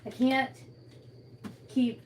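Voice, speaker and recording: A woman's voice: very slow, slight background noise, low-quality recording. A tired woman in pain, chatting bluntly and swearing through a casual livestream.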